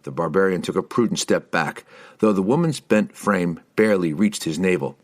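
A man narrating an audiobook in an expressive reading style. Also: low voice, brisk. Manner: expressive reading, shifting into character voices.

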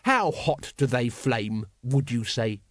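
A man voicing a hard-bitten middle-aged watch captain who speaks slowly and softly, with quiet menace, in an audiobook reading. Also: medium pitch, lively intonation, no room sound, clean studio sound. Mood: quietly menacing. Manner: soft, slow, menacing delivery. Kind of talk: audiobook character voice.

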